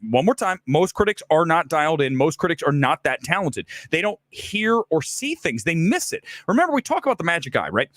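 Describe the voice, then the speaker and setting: Man, movie commentary livestream host, emphatic, ranting, self-assured, fairly high voice, dry close sound. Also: a bit bright, no room sound. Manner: repeats words, restarts mid-sentence.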